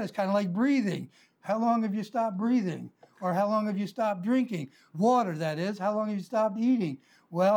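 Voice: mid-range voice, darkish tone. A preacher giving a Sunday sermon in a frank, conversational way, with wry asides and filler words.

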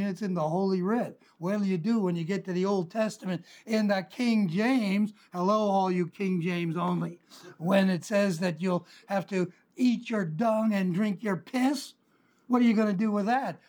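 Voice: medium pitch, moderate pace, darkish tone. Frank, wry preacher teaching a sermon. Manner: frank, wry, conversational preaching with filler words.

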